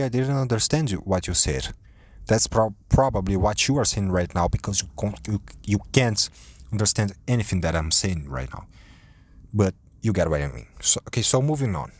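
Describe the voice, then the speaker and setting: A man's voice: low-pitched, no room sound. A tired man rambling profanely on his own podcast, stumbling and restarting his sentences. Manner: rambling, profane, self-interrupting. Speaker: podcast host.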